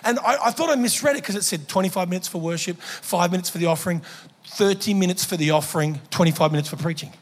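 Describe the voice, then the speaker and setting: A man preaching a sermon in a church, telling stories that build to shouted exhortation. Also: high-pitched, fast talker. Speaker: pastor. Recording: long hall reverb in a church.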